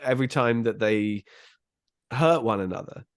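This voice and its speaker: A man's voice: medium pitch, normal speed, dry recording, studio quality. A man co-hosting a movie review podcast, earnest and emphatic, stacking up praise. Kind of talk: casual movie review chat.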